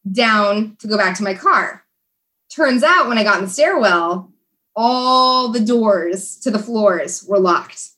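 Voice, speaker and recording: A woman telling a story in a chatty, animated way, as a guest in a conversation. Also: mid-range voice. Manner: animated, chatty, many fillers. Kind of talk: casual storytelling.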